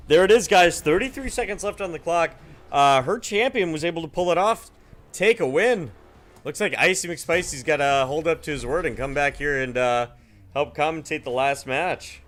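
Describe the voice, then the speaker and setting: A man commentating a live online game tournament, upbeat and joking with co-casters. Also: medium pitch. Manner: upbeat and jokey. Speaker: esports commentator.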